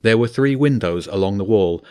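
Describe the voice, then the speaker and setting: A man's voice: lowish voice, normal speed, clear, resonant tone, dry recording, studio quality. A man narrating a children's fantasy book, voicing each character. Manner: expressive, voices each character.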